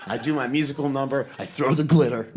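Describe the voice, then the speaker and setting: A stand-up comedian from Boston telling an animated story on a live stage, swinging from hushed asides to outbursts. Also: male voice, medium pitch, quick pace. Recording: live set with ambient noise.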